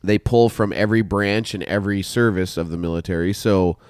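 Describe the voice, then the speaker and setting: A man's voice: on the low side, fairly quick, darkish tone, no echo, studio quality. Canadian man rambling through a story. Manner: rambling, profane storyteller who drifts into asides. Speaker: podcast host. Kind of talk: casual chat.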